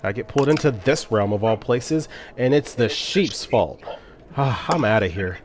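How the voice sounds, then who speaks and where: A man voicing an excitable male fire golem in a tabletop game, loud and gushing. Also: mid-range voice, normal speed, background noise, natural voice. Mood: grumbling.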